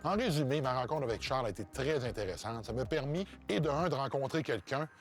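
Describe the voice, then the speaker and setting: A man hosting a documentary, interviewing in English and narrating, measured, pausing on fillers. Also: mid-range voice, animated, soft background music. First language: French. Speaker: host. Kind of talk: documentary host, interview and voice-over.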